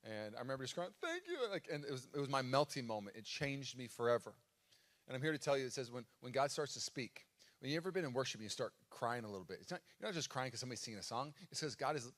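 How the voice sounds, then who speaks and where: An American man in his thirties, a pastor giving a sermon live in a church, telling stories and acting out his own cries. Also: medium pitch. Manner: animated storytelling with dramatic acted-out cries. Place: church auditorium. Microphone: live stage microphone.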